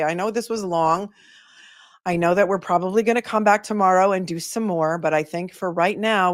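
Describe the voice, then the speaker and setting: A woman's voice: lowish voice, no room sound, clean studio sound. A woman attorney hosting a casual livestream, chatting wryly and playfully with her viewers.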